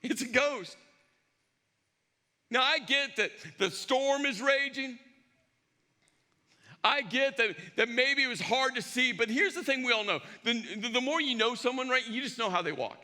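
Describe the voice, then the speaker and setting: A male pastor preaching a sermon, telling a story with lively acted-out dialogue and sometimes dropping to a hushed intensity. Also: extremely high pitch, normal speed. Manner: animated storyteller acting out dialogue. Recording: long reverb of a large hall.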